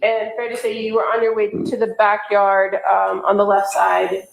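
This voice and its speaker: A woman's voice: medium pitch, completely flat delivery, normal speed, gravelly, slight background noise. Woman lawyer questioning a witness, methodical, ums a lot, roomy courtroom echo. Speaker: prosecutor. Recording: echoey courtroom audio.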